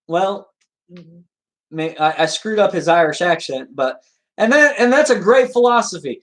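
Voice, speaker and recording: A man's voice: sits high, lively intonation, a little slow, a bit bright, rough recording. Earnest man lecturing livestream viewers. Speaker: livestream host. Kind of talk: livestream chat, reading viewer comments.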